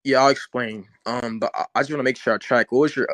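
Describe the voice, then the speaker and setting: Man, casual debate, hesitant, restarts a lot, mid pitch, dry sound. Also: steady tone, quick pace, fairly bright tone, dry recording, low-quality recording. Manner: hesitant, many restarts and fillers.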